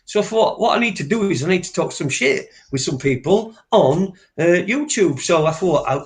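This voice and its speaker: A man's voice: high-pitched, lively intonation, moderate pace, few pauses. A man co-hosting a casual live stream, rambling with lots of swearing, fillers and restarts. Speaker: co-host.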